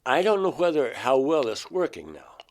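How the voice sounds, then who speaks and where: In a mid-range, sing-song voice at normal speed, an older man from Georgia, USA, speaks as an interview guest. He earnestly tells of personal experiences, acting out remembered exchanges with sudden loud outbursts.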